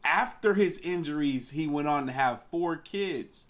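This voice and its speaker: A man streaming a live reaction, casually talking to his chat in an animated way. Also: a little high, a little slow, hardly any pauses.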